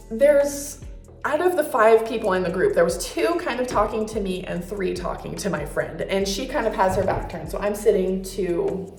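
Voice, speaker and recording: A woman's voice: mid-range voice, a little mellow, roomy sound. Profane young woman telling a story. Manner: candid and profane, many fillers. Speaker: vlogger. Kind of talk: casual storytime.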